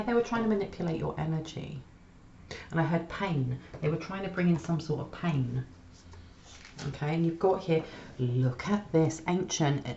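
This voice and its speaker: A woman's voice: sits low, a little mellow. A woman giving a tarot reading aloud, exclaiming and repeating questions as she turns cards. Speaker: tarot reader. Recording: dull, echoey room with faint noise.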